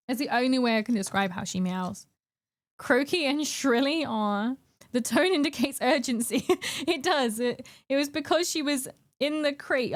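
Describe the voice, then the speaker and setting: A young woman chatting casually with her stream viewers from home, giggly and chatty, greeting people by name and cooing baby talk to her cat. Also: a little high. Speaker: live streamer.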